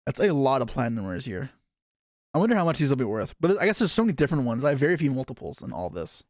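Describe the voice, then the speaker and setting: A man's voice: mid-range voice, very animated, a little mellow, no echo, clean studio sound. A young man chatting casually on a live stream as he opens trading card packs and answers his chat. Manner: chatty, reacting to chat, quick asides.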